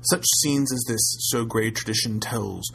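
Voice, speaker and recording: A man narrating a classic tale aloud in a measured, steady storytelling manner. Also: fairly low pitch, gravelly, slight background noise, low-quality recording. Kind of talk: audiobook reading of a classic tale.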